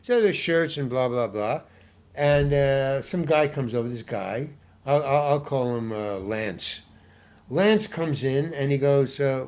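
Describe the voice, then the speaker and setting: A man's voice: medium pitch, expressive, normal speed, darkish tone. An older man, a guest actor, telling a long anecdote in a rambling way, restarting and repeating words as he goes. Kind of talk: anecdotal storytelling in an interview.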